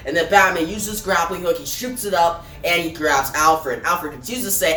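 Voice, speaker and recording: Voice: mid-range voice, lively intonation, a little fast, few pauses, bright, forceful tone. A reviewer casually retelling a comic book issue, adding fillers like "right?" and "guys". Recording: echoey room, far from mic, faint music.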